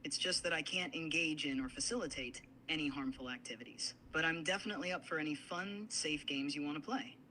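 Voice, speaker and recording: A man's voice: fairly high pitch, a little fast, few pauses, a little hiss or hum, rough recording. A text-to-speech male AI assistant voice, apologetic and formal in its replies. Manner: apologetic, even-toned and formal.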